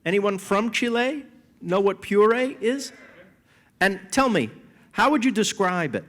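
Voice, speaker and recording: Man guest, high voice with a big swooping range, tells stories with a laugh, self-mocking, live on stage. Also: expressive, a little slow, a bit bright. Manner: laughs often while telling stories, playful self-mockery. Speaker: guest at a live talk event. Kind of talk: animated anecdotal storytelling. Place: stage event in front of an audience.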